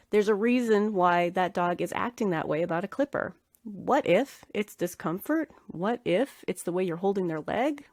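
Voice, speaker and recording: A woman's voice: mid-range voice, a little mellow, no echo, studio quality. A woman hosting a solo podcast that teaches dog grooming. She coaches earnestly and repeats key words for emphasis.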